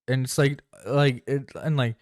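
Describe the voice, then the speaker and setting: A man's voice: medium pitch, fairly even intonation, measured pace, a little mellow, no room sound, clean studio sound. A man hosting a stream, talking casually while reacting to a clip, rambling, swearing and exasperated. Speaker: streamer host. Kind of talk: profane casual commentary.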